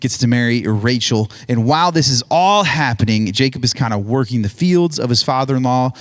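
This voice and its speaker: A man's voice: medium pitch, expressive, brisk. A man giving a casual, joking sermon, retelling a Bible story with lots of "like" and "right?". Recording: hall reverb on voice.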